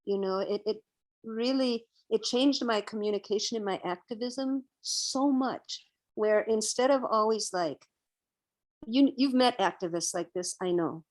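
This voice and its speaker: A woman in her sixties, a guest on an interview podcast, telling a personal story in an animated way and acting out her own past outbursts. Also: mid-range voice, measured pace. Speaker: interview guest, vegan educator.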